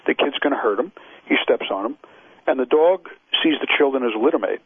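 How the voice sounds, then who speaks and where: A man talks as a dog trainer on a radio interview, hammering his points with repetition. His voice is husky. It comes over a dry, narrow phone-like line. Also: medium pitch, animated, a little fast, no echo. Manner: emphatic, repeats points, acts out owners' excuses. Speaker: dog trainer and expert witness.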